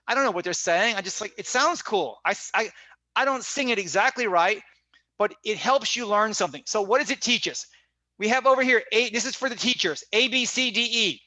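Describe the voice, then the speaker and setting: A man with a high, bright voice leads an online teaching workshop over a video call. He talks in a casual, conversational way, circles back to repeat his points, and keeps checking in with his listeners. The sound is close and dry. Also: a little fast, dry recording. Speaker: teacher trainer.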